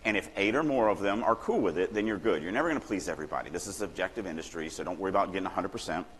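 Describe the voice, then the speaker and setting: A middle-aged man from Louisiana giving a casual, animated writing workshop talk at a conference, acting out quoted lines now and then. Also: low voice, racing. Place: conference hall. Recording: long hall reverb, faint room noise.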